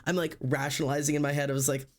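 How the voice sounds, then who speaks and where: A man's voice: a little high, level tone, very fast. A male streamer telling a story in casual chat, rambling with lots of fillers and acting out what people said. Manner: rambling, filler-heavy, acts out quotes.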